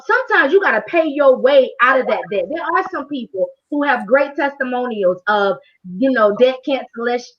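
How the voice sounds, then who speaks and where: A high-pitched woman leads a live online workshop as a financial coach, speaking with a fervent, preacher-like drive and calling out to her listeners. Her voice comes through a muffled, lo-fi video call. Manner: animated, preacher-like, talks straight to the audience. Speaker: financial coach hosting a training.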